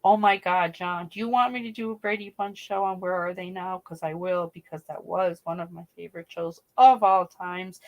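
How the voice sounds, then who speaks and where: A woman's voice: lowish voice, fairly even intonation, moderate pace, hardly any pauses. Chatty middle-aged woman hosting a livestream. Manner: chatty, laughs often, acts out quoted voices. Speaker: livestream host. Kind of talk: casual chat.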